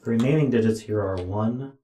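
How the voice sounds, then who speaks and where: A man's voice: on the low side, a little fast, mellow, slight background noise. A tired man streaming himself as he thinks aloud through a puzzle, muttering to himself with dry asides. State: tired, yawning. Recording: roomy echo.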